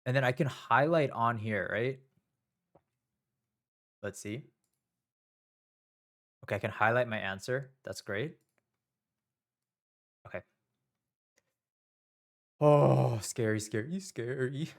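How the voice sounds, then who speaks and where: A man's voice: mid-range voice, takes it slowly, creaky, pauses often. A young man streaming live, talking casually to himself and his viewers in a nervous, rambling, self-mocking way.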